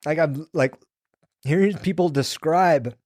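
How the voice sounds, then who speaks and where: A man's voice: a little high, a little slow, a little mellow, no echo. A man, a former prison sergeant, telling stories in loose, profane casual talk and acting out what people said. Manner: loose and profane, acts out quoted dialogue. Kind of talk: casual storytelling conversation.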